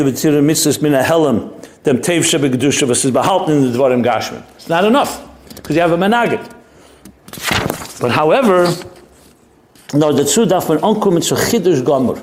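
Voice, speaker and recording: A man teaching a Chasidic text class, reading out Hebrew passages and explaining them in English with Yiddish phrases mixed in, his voice jumping up whenever he drives a point home. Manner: animated, pitch jumps up when making a point. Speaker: Torah teacher.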